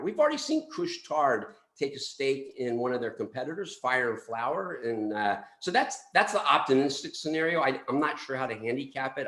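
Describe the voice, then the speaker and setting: A man's voice: mid-range voice, a bit bright, roomy sound. A man, a guest analyst, talking through a stock in casual market commentary, thoughtful and hesitant with many restarts.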